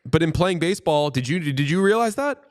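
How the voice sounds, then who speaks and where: A man co-hosting a sports podcast in casual chat, animated and joking, swearing freely. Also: fairly high pitch, brisk. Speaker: podcast co-host.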